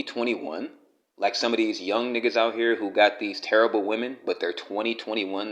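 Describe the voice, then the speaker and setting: A man's voice: lowish voice, a bit bright. Blunt, profane man ranting to camera. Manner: blunt, profane, scolding, talks straight at his subject. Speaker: commentary vlogger. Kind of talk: direct-to-camera rant.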